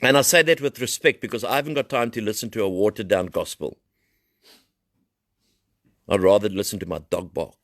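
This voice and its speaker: A middle-aged man with a South African accent giving an impassioned recovery share. He preaches and climbs into loud, high-pitched pleading. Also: a little fast, pauses often, dry recording, clean studio sound. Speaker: recovery program founder.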